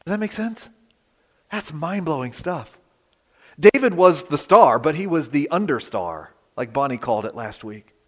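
A man with a Western Pennsylvania accent preaches to his congregation in a high, lively voice, full of rhetorical questions and dramatic pauses. His voice rings with the long reverb of a church hall. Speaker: pastor. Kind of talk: sermon. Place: church sanctuary.

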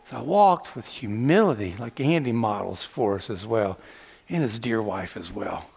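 A man's voice: on the low side, animated, moderate pace, vocal fry, darkish tone, husky, in a large hall. A man from the southeastern United States preaching a sermon to his congregation, mixing teasing asides with rhetorical questions. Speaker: pastor. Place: large church hall.

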